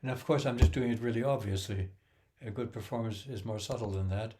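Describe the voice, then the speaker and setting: A man's voice: on the low side, brisk, background noise. A man giving a casual music lesson, counting beats aloud and humming rhythms to explain metre. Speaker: music teacher.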